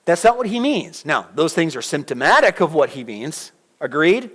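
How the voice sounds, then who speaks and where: A middle-aged man preaching a sermon in a church, conversational and animated, putting questions to the congregation. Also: a little high, normal speed. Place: church sanctuary.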